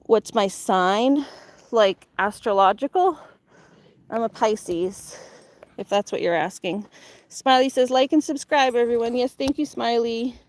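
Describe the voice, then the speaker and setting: A woman chatting casually on a live stream outdoors in a farm garden, reading chat and talking to her dog. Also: a little slow. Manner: chatty, talks to her dog in a high baby voice.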